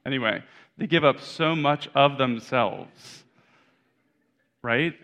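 A man's voice: mid-range voice, takes it slowly, a bit bright, highs cut off. A young adult man preaching a sermon as pastor, in a conversational way, correcting himself and often adding "right?" asides.

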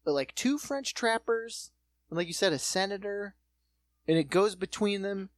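A man co-hosting a casual comedic chat, animated and mocking, slipping into quick goofy impressions. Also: high voice, dry recording. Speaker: podcast co-host.

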